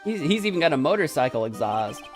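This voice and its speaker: A young man commentating a video game in a rambling, self-mocking way. His voice is fairly high and swings widely in pitch, with quiet background music. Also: big pitch swings, fast talker. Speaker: let's play host. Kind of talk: casual gameplay commentary.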